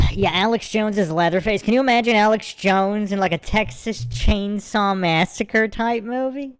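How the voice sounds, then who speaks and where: A woman's voice: mid-range voice, normal speed, clear, resonant tone, no room sound. A woman hosting a live Q&A stream, commenting in a casual, amused and mocking way. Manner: amused, mocking, laughing asides. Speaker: livestream host.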